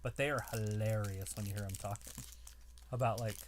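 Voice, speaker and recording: A man co-hosting a live wrestling watch-along, chatting casually and speculating out loud about where things are heading. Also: lowish voice, fairly even intonation, fairly quick, slight background noise. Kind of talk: casual live reaction chat.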